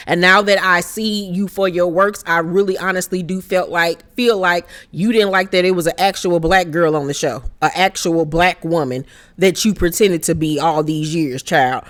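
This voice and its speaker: Blunt, foul-mouthed woman recapping TV. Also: on the low side. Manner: blunt and heavily profane; fast, heated and opinionated. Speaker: reality TV recap host. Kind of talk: casual gossip recap.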